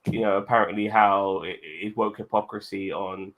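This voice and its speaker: A man's voice: on the low side, steady tone, normal speed, fairly bright tone. A man co-hosting a casual movie review chat, blunt and emphatic, swearing heavily. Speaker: podcast co-host.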